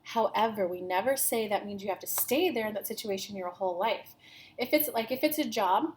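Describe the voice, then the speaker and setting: A woman's voice: medium pitch, fairly quick, slight background noise. A woman giving a channeled spiritual talk, speaking as a collective "we" and repeating her key phrases earnestly. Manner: speaks as a collective "we", talks about herself in the third person.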